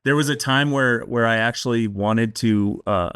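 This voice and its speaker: A man talking as a guest in a casual interview, telling his stories candidly and with lively quoting. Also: mid-range voice, normal speed, clear, resonant tone, no echo, clean studio sound. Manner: candid storyteller, lively when quoting others.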